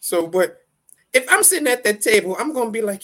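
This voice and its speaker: Man, casual podcast host, lively swooping pitch, profane, laughs a lot. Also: a little fast. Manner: animated, profane, laughs often, acts out quotes. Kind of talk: casual recap chat.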